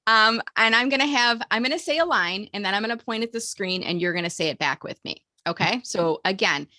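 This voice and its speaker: A woman's voice: medium pitch, lively intonation, brisk, bright, forceful tone, dry recording, clean studio sound. A woman hosting a job seeker video meeting, encouraging and upbeat, leading a call-and-response mantra and giving motivational coaching.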